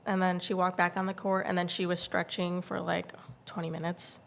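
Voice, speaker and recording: A woman in her thirties tells a story in a casual podcast chat, her voice carrying a gravelly fry. She gets animated as she goes and acts out the lines of the people she met. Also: fairly low pitch, normal speed, a little hiss or hum. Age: 30s. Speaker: podcast co-host.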